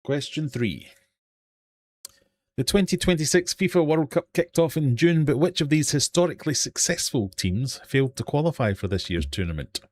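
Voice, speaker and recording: A man's voice: on the high side, lively intonation, normal speed, a little mellow. A man with a British accent hosting a live-stream quiz from his fish room, reading questions and joking with the chat. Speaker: quiz host.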